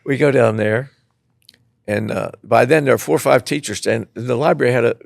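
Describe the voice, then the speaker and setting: An older man, a former school principal telling lively stories in an interview and acting out the people in them. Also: mid-range voice, moderate pace, no room sound, clean studio sound. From southeastern Tennessee. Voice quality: gravelly. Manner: animated storyteller who acts out the people in his stories. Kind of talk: storytelling interview.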